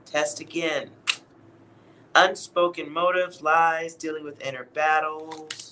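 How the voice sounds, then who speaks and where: A man's voice: fairly high pitch, flat delivery, slow pace, bright, forceful tone, slight background noise, poor audio. A man giving a casual, blunt tarot reading to his viewers, laughing at himself and swearing now and then. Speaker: tarot reader.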